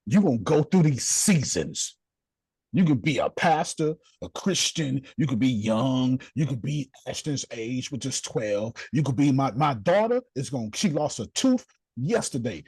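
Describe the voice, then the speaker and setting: A middle-aged man leading a group video call, preaching in a blunt, slangy way with casual swearing, jumping from low asides to high exclamations. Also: big pitch swings, a little slow, a little mellow, husky, no room sound. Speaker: host leading a group discussion. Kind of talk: preacherly motivational talk.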